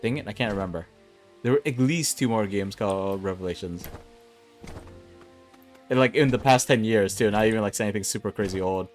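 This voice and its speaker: A man's voice: fairly low pitch, fairly quick, pauses often. A young man streaming an online game, rambling through casual commentary with self-mocking asides. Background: game music.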